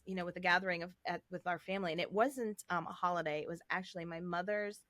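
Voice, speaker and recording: A middle-aged woman hosting a faith podcast, telling a personal story in an earnest, heartfelt way with soft fillers. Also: lowish voice, fairly even intonation, fast talker, few pauses, no echo. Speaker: podcast host. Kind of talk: casual faith podcast conversation.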